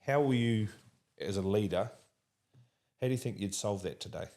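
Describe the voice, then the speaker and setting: NZ man, lower voice, casual interviewer, animated with lots of restarts. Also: moderate pace. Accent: New Zealand. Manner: animated, laughs often, talks in restarts.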